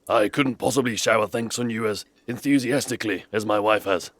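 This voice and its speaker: A man's voice: on the low side, a little fast, voice pushed down, natural voice. A man voicing a fussy middle-aged male cryptozoologist in a video game, speaking formally and stiffly polite. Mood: grateful.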